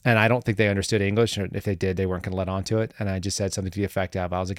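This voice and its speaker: Interview guest, male, lower register, dry close mic; chatty and wry, filler-heavy storyteller. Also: steady tone, very fast, hardly any pauses, no echo. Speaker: guest, former government analyst.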